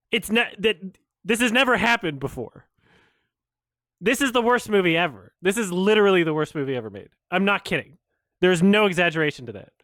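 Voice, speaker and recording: Brief: male film critic streamer, high pitch, frustrated and swearing, laughing often, dry recording. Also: sharp tone, no room sound. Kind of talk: ranting stream commentary.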